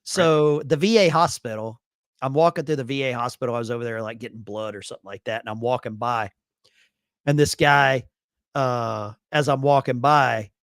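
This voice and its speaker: In clean studio sound with no echo, a medium-pitched man shares stories on a casual veterans' live stream he co-hosts, animatedly performing the quoted voices of the characters.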